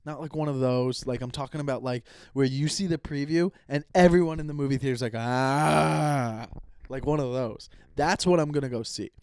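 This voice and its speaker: A man in his thirties hosting a solo podcast, rambling and animated as he rants, swearing casually. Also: mid-range voice, brisk, hardly any pauses, clear, resonant tone, no echo, studio quality. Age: 30s. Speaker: podcast host. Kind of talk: solo comedic podcast rant.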